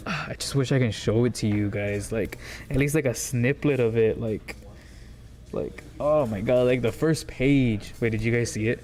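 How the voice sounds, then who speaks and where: Excited guy rambling through new comics at his shop, lots of ums and likes, normal pitch. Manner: rambling, enthusiastic, filler-heavy. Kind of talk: casual product rundown. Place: comic book store.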